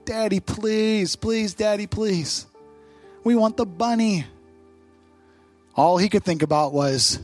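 A man preaching a sermon as pastor, stressing short repeated phrases. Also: high-pitched.

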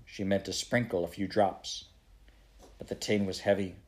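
A man reading a children's novel aloud in a steady storytelling manner. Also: low voice, normal speed. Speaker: audiobook reader.

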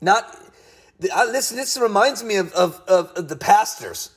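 Man, pastor, fiery sermon, high voice, scolding, emphatic, upset. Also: expressive, a little slow. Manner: heated, scolding, emphatic preaching with sudden swings of loudness.

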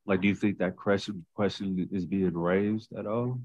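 A man's voice: low voice, steady tone, normal speed, a little mellow, no room sound, highs cut off. A man, a podcast guest, raising thoughtful questions in casual chat with hesitant restarts.

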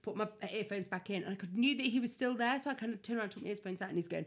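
A woman's voice: medium pitch, very fast. A woman co-hosting a podcast who tells rambling stories in a giggly, chatty way. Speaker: podcast host. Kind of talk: casual podcast chat.

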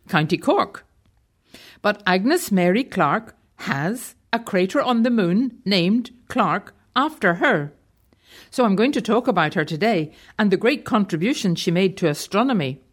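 A woman guest tells a historical story from a prepared script. Her delivery is measured and informative, sitting at an ordinary middle pitch for a woman. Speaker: guest contributor telling history stories. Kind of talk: prepared talk read from a script.

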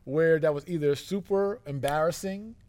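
A man's voice: on the high side, moderate pace, a little mellow. A man hosting a casual interview, asking questions and sharing encouraging faith talk. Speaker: podcast host.

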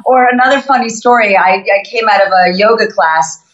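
Guest: middle-aged North American woman, upbeat and chatty, in an echoey room with dull, lo-fi sound. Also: medium pitch. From Montreal, Canada. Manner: upbeat, chatty, quick to laugh. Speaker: singer-songwriter guest. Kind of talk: casual interview chat. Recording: roomy, dull lo-fi remote audio.

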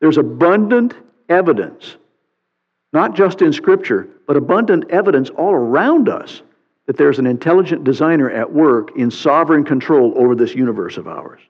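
A man preaching a sermon as a pastor, reading scripture aloud in an animated way with playful sarcasm. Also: fairly high pitch, moderate pace. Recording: muffled sound with long hall reverb.

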